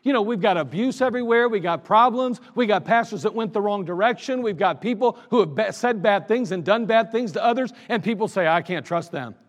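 A man with a high voice preaches a sermon to his congregation in a conversational way. He reads old scripture verses aloud and slips into little acted-out scenes. The sound carries a long church reverb. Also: brisk, few pauses. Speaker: pastor. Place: church sanctuary.

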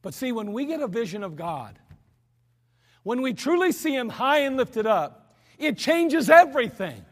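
Man, pastor, earnest sermon with jokes, high-pitched, long church reverb. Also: very animated, normal speed. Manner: earnest, conversational preaching with humorous asides. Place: church sanctuary. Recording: archived church service with long hall reverb.

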